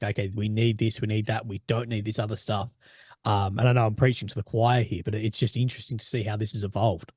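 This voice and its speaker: A man's voice: lowish voice, darkish tone, no room sound, clean studio sound. An Australian man hosting a podcast, bantering in a laid-back way with heavy slang and swearing. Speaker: podcast host. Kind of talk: casual chat.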